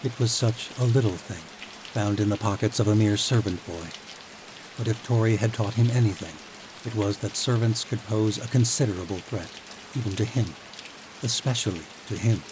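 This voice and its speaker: Low-voiced man narrating over rain. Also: moderate pace. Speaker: audiobook narrator. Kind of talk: scripted fantasy audiobook narration. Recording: steady rain noise behind voice.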